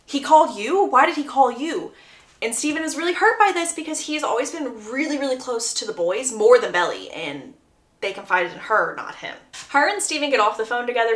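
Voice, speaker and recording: A woman casually recapping a book plot, chatty and expressive with amused asides. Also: a little high. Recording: roomy echo.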